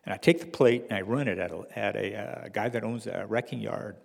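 A middle-aged man telling a personal story to an audience in a wry, halting way, with restarts and fillers. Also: fairly low pitch, vocal fry, long reverb tail.

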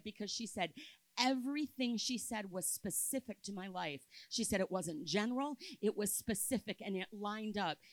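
At a church camp, a woman in her fifties preaches a sermon built around a personal story, swinging between loud emphasis and soft, hushed passages. Her pitch is medium, and the recording is dry and of poor quality.

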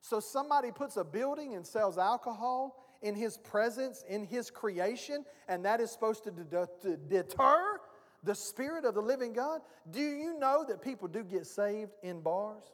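A man's voice: sits high, lively intonation, normal speed, fairly bright tone. A man, the pastor, preaching an informal, folksy sermon and firing rhetorical questions at the congregation. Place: church sanctuary. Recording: long reverb of a church hall.

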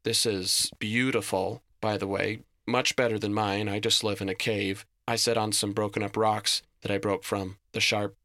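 A man's voice: fairly low pitch, little pitch movement, normal speed, few pauses, bright, forceful tone, no echo, studio quality. A man voicing a timid, polite, friendly male goblin who talks nervously and apologetically. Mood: earnest.

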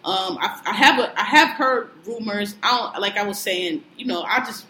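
A woman co-hosting a casual pop-culture chat, talking in a loose, profane, animated way. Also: medium pitch, normal speed, echoey room, a little hiss or hum, rough recording.

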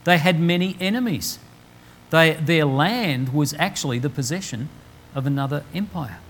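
Guy preaching in church, slightly high voice, draws out the bible quotes slow. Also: lively intonation, slight background noise, low-quality recording. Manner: emphatic, slow deliberate quoting of scripture. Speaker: pastor. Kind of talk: sermon.

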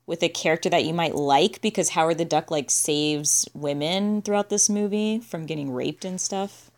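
Low-pitched woman, casual podcast co-host, dry and offhand. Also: moderate pace. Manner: dry, musing, trails off with "I guess". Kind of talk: casual movie discussion.

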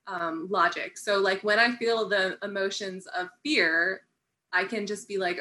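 A woman's voice: mid-range voice, steady tone, measured pace, sharp tone. A woman guest in a podcast interview, speaking casually and hesitantly with many fillers and ready laughter.

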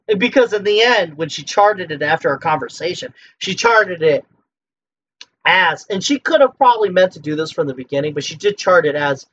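Drunk podcaster, profane heated rant, swooping pitch, muffled lo-fi recording with faint clicks. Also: slight background noise. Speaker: podcast host. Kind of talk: solo ranting monologue.

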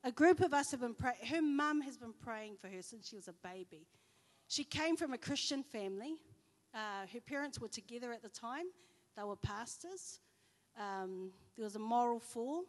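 A woman's voice: on the high side, animated, moderate pace, in a large hall. A woman with a New Zealand accent preaching a sermon, telling personal stories and acting out the dialogue.

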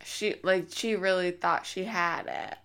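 A woman's voice: fairly low pitch, lively intonation, a little slow, gravelly, a bit bright. A woman guest on a podcast, chatting casually and giving dry, offhand answers. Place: podcast studio.

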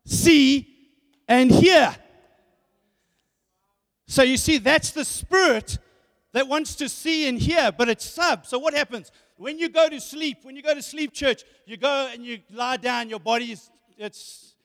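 A man preaching a sermon, animated, often repeating words and asking rhetorical questions. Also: extremely high pitch. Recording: hall reverb.

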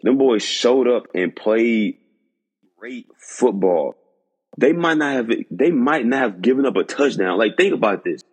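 Incredulous husky man ranting about football. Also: medium pitch, lively intonation, a little slow, in a large hall. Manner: incredulous, repetitive, emphatic. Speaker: podcast host. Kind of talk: sports podcast rant.

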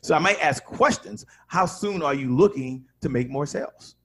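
Lively husky-voiced man coaching. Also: on the high side, moderate pace. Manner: emphatic, plays out dialogue in little voices. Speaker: sales coach podcast guest. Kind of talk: animated podcast teaching.

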